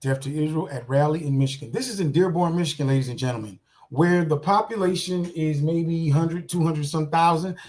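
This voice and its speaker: A man's voice: fairly high pitch, fairly quick, a little mellow. A man giving casual reaction commentary on a clip, indignant and repetitive, talking straight to his viewers.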